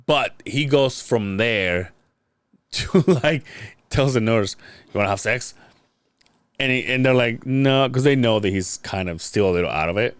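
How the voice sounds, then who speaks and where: A man's voice: medium pitch, expressive, unhurried, clear, resonant tone, no room sound. A man hosting a casual podcast, telling a long story with many stops and restarts. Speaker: podcast host.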